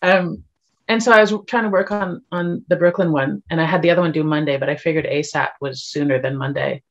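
A woman's voice: sits low, fairly quick, dull audio. A middle-aged woman from Canada, a guest actor telling stories in casual chat. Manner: chatty, storytelling with laughs.

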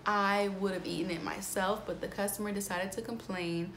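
A woman's voice: mid-range voice, fairly even intonation, moderate pace, a bit bright. Young female vlogger, mid-range voice, chatty and candid, lots of fillers, light background noise. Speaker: astrology vlogger. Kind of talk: casual storytelling vlog.

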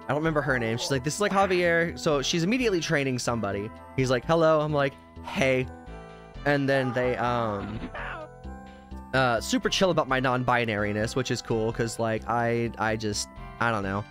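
A man's voice: mid-range voice, moderate pace, a bit bright. A man streaming a video game, telling a long, tangential personal story in casual chat and swearing freely. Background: game music.

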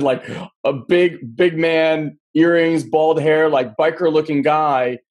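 A man's voice: on the high side, a little mellow. A man hosting an interview in a loose, chatty way with many fillers. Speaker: interview host. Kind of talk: casual interview.

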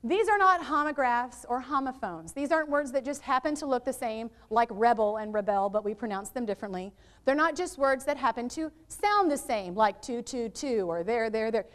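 Through a worn microphone comes a middle-aged woman's fairly high-pitched voice as she presents a teacher workshop to a room of educators. She keeps it lively and chatty, turning to the audience with asides.

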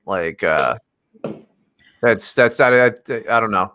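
A man's voice: on the low side, lively intonation, slow pace, bright, forceful tone, clear, resonant tone. A man co-hosting a casual podcast, joking sarcastically and swearing a lot. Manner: sarcastic, profane, jokey. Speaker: podcast co-host. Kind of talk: casual comedic podcast chat.

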